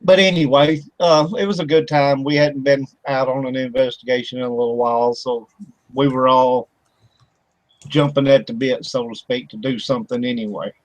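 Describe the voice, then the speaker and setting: A man's voice: mid-range voice, fairly even intonation, normal speed, no room sound, lo-fi sound. A man hosting an internet radio talk show. He tells a rambling story with lots of fillers and laughter. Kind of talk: casual chat. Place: home studio for internet radio.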